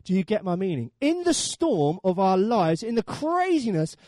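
A man's voice: high voice, big pitch swings, moderate pace, a little mellow, dry recording, clean studio sound. A man preaching a sermon, telling the story with animation and acting out the voices.

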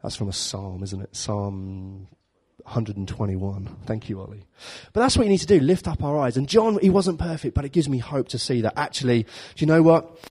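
A man's voice: medium pitch, normal speed, mellow, husky. Guy preaching casually, jokey and chatty, acts out the bible bits in voices. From London. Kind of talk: informal sermon.

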